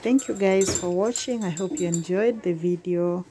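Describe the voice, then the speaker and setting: A woman's voice: fairly low pitch, normal speed, background noise. A woman vlogging from village life, talking casually and straight to her viewers. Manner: chatty, speaks straight to viewers.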